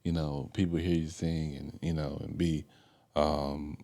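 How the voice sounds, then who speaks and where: A pastor hosting a podcast, reflecting in a casual, preacherly way with many affirmations and filler phrases. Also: male voice, very deep voice, level tone, measured pace, gravelly, warm tone. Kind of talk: casual interview chat.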